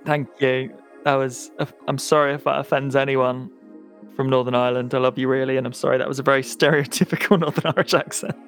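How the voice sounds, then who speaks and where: A man's voice: mid-range voice, little pitch movement, quick pace, a bit bright, faint music behind. A man co-hosting a comedy podcast, chatting casually in teasing, jokey banter. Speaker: podcast co-host. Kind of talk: casual chat.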